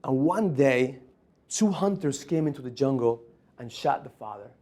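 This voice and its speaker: A man's voice: a little high, darkish tone. Emphatic male motivational speaker. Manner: emphatic storytelling. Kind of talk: conference keynote speech.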